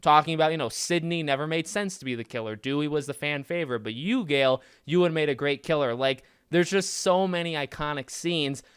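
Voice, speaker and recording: Chatty man with a smooth dry voice. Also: on the high side, a little fast, few pauses, dry recording. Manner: rambling, animated, frequent restarts and fillers. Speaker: podcast host. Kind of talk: casual film commentary.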